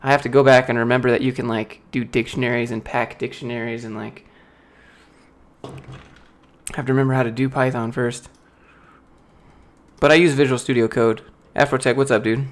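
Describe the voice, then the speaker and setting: A man's voice: mid-range voice, flat delivery, moderate pace, long pauses. A young American man chatting casually on a livestream, reading questions from chat and telling stories with lots of fillers, laughing often and mimicking other people's voices. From United States. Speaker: YouTuber answering live chat questions.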